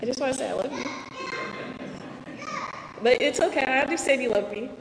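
A woman's voice: high-pitched, fairly quick, vocal fry, background noise. Woman speaking in an echoey hall. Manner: earnest, candid, self-deprecating. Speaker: speaker giving a personal testimony. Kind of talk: read-aloud personal talk on faith.

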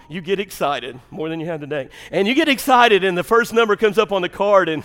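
A man preaching a sermon as pastor, swinging from loud shouts down to hushed near-whispers and laughing at his own jokes. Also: high-pitched, fairly quick, few pauses. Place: church sanctuary. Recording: long hall reverb.

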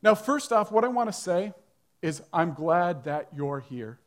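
Pastor guy with a pretty high voice giving a sermon in church, talks like he's just telling you a story, kinda jokey. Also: animated, a little slow. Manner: conversational storytelling with light humor. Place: church, speaking to a congregation.

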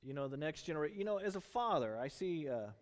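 Pastor, middle-aged man, high voice, chatty animated sermon, church hall reverb. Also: fast talker. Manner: conversational, storytelling, animated.

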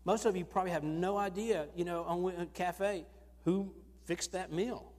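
A man's voice: high voice, moderate pace. Man preaching in a reverberant church. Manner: earnest, storytelling with lively rises. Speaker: pastor. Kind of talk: sermon. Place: church sanctuary. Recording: long reverb of a church hall.

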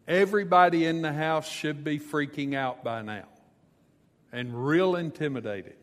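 Speaking at an unhurried pace, a pastor tells a scripture story during his sermon, dropping in casual asides. For a man his voice sits a little high, and the sound echoes with the long reverb of a big hall.

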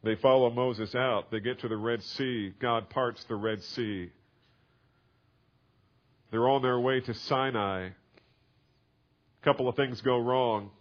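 A man's voice: medium pitch, steady tone, slow, long pauses, highs cut off. A man preaching a sermon, explaining a scripture passage step by step and building to emphatic, raised passages. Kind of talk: sermon, expository Bible teaching.

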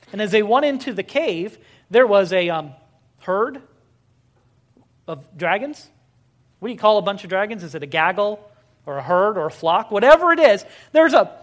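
A pastor preaching a sermon in a conversational, storytelling way with wry humor, putting rhetorical questions to the congregation and often pausing on filler sounds. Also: mid-range voice, a bit bright.

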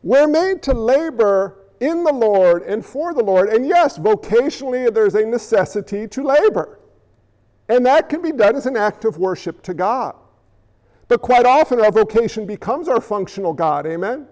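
A pastor preaching a sermon in a conversational style, firing off rhetorical questions and pausing for effect. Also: male voice, extremely high pitch, animated, a little mellow, highs cut off. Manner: conversational, asks rhetorical questions, dramatic pauses. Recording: long reverb in a large hall.

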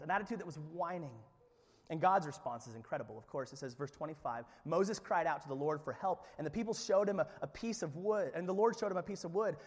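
Pastor, male, higher-pitched voice, lively live sermon, long church-hall reverb. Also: husky. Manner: animated, shifts from loud excitement to hushed earnestness. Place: church sanctuary.

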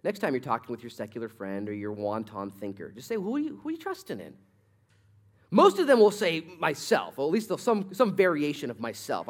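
A man preaching a sermon as pastor, telling a story with lively swings between loud, excited bursts and quiet, low-toned stretches. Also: fairly quick.

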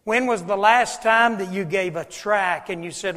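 A man's voice: sits high, moderate pace. Preaching man in a reverberant church. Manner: swings from loud preaching to hushed near-whispers. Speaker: pastor. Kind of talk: sermon. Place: church sanctuary.

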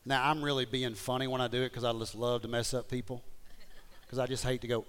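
Guy preaching, goes quiet and whispery then gets loud and fired up, repeats himself a lot, normal pitch. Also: flat delivery, fast, a little hiss or hum. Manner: swings from hushed whispers to loud fervent exhortation; repeats phrases, stammers on restarts. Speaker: pastor. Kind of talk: sermon.

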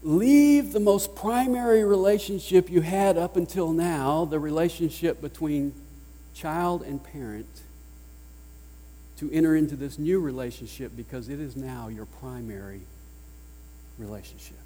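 Southern preacher with mellow tone, hall reverb. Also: male voice, fairly high pitch, measured pace. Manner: emphatic preaching, swinging from loud to hushed. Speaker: pastor. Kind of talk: sermon. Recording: long reverb of a large hall.

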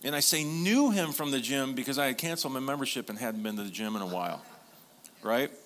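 A man's voice: mid-range voice, quick pace, a little hiss or hum. A man preaching as pastor, telling stories and calling on his congregation to respond. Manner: lively storytelling with congregation call-and-response. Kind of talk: sermon.

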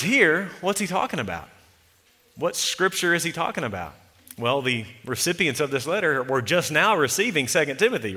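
A man preaching a sermon as pastor of a church, measured and deliberate, slowing down to stress key words. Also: a little high, bright, forceful tone, long reverb tail. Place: church sanctuary.

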